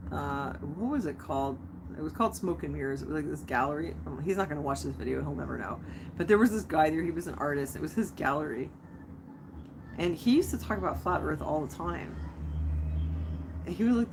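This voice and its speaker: A young woman chats on a live stream in a lowish voice, rambling and wandering off on tangents. She keeps reacting to viewers' comments as she goes. A faint ambient hum sits behind her. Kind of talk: casual live-stream chat.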